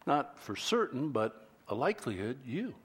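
A man's voice: mid-range voice, very animated, normal speed, fairly bright tone, breathy edge. A pastor preaching a sermon in a conversational way, often restarting his sentences and acting out what his listeners might think.

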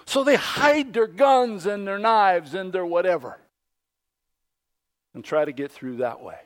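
Speaking a little slowly in a high voice, this pastor delivers a sermon where he performs the voices of those he quotes, veering from loud bursts to quiet asides.

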